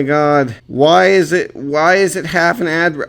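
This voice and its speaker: A man's voice: on the high side, measured pace, hardly any pauses, a bit bright. A man doing reaction commentary on a clip, sarcastic and exasperated, swearing often.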